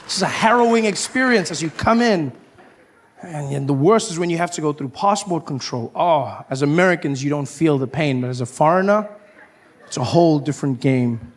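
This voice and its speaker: A man performing stand-up comedy, telling stories in an animated way and acting out voices along the way. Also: a little high, a little fast. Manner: animated storytelling, lots of acted-out voices.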